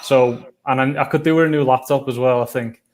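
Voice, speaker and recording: A man's voice: medium pitch, steady tone, a little fast, a little mellow. A man with a mid-range voice joins a casual chat over a video call. He rambles through anecdotes as a guest travel vlogger.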